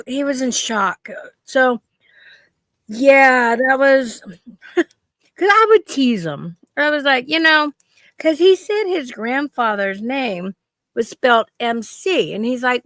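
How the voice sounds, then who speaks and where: Slow but animated, a high-voiced woman in her fifties spins meandering stories as a stream co-host, laughing often in casual conversation. Her tone is fairly bright, captured in a dry recording.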